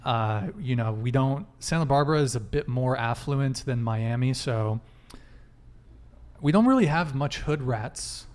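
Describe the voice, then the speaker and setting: Chill young dude hosting a live stream, slangy, mid-pitch voice. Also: male voice, expressive, unhurried, darkish tone. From Southern California. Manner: laid-back, slangy, reads donation messages. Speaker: host. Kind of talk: casual live-stream chat.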